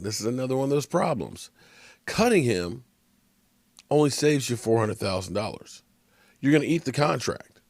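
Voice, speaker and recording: Recorded at studio quality with no room sound, a medium-pitched man delivers rambling, conversational sports commentary. He's short on sleep, yawning occasionally and restarting his thoughts often.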